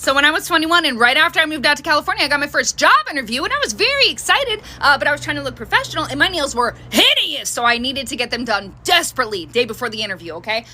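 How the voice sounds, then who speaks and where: A woman's voice: high-pitched, pushed and bright. A young woman telling a personal story in a bubbly, chatty way. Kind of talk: casual storytime.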